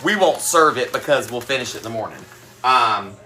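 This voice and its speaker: Southern woman, South Carolina twang, bright tone, chatty cooking-stream host who laughs a lot. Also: very deep voice, expressive, brisk. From South Carolina, USA. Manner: chatty and folksy, laughs often, greets viewers warmly. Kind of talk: casual chat while cooking live.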